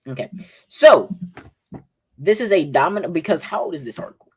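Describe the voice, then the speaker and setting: A man's voice: on the high side, expressive, a little fast, breathy edge. A man with a Southern accent hosting a political livestream podcast, combative and repeating "right?" again and again. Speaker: podcast host.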